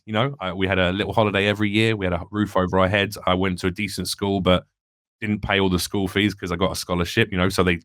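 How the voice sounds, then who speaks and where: A man's voice: fairly low pitch, dry recording, studio quality. An English man speaking as a comedian guest in a candid podcast conversation, reflective and rambling, with frequent restarts.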